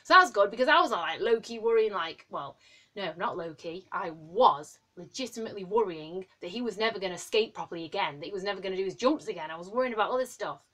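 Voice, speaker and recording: Rambling, excitable young woman vlogger. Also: mid-range voice, fast, a little hiss or hum. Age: 20s. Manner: rambling and excitable, heavy with fillers. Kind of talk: casual chat to camera.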